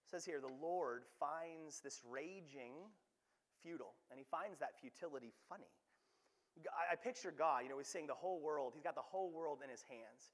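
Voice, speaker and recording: Man, young adult, pastor, sermon, animated and conversational, high voice, echoing church hall. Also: normal speed. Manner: animated, conversational, frequent restarts and "right?" asides. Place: church sanctuary. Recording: long hall reverb.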